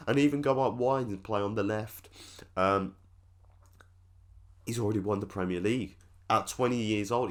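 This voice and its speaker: A man hosting a football fan channel, giving rambling, opinionated commentary with lots of fillers. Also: on the low side. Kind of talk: casual commentary to camera.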